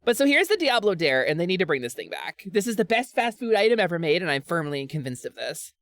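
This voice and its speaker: A woman streaming from home, chatting casually and animatedly with her viewers, rambling and quick to get fired up. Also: fairly low pitch, big pitch swings, no room sound, clean studio sound. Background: faint background music.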